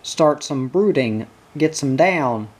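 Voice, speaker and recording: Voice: mid-range voice, animated, takes it slowly, darkish tone, husky. A reader voicing a chatty, blunt male ambulance bearer gossiping in a casual way. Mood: gossipy.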